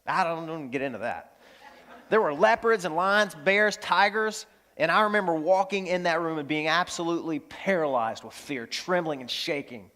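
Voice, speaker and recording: A man preaching a sermon as pastor, animated, swinging from loud exclamations to hushed, tender lines. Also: fairly high pitch, normal speed.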